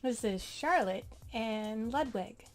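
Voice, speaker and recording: High-voiced sarcastic woman vlogger. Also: lively intonation, slow pace. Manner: sarcastic, chatty, laughing asides. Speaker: video host. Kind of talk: casual commentary reading posts.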